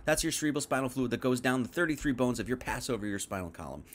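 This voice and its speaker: A man teaching on a Bible passage in a livestream, chatty, dropping to quiet asides and then rising to emphatic bursts, reading verses aloud and paraphrasing them loosely. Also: medium pitch, lively intonation, fast. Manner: conversational, swings from quiet asides to emphatic outbursts. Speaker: preacher.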